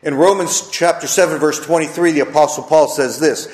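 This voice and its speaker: Pastor, male, fairly high voice, lively sermon delivery, echoey room. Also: fairly quick, hardly any pauses. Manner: animated preaching with wide pitch swings.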